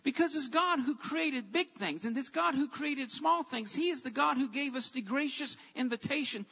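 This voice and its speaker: A man preaching a sermon as a Bible teacher, with an emphatic, repetitive cadence that rises to shouts. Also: very high voice, expressive, normal speed, vocal fry, hardly any pauses, in a large hall, muffled recording.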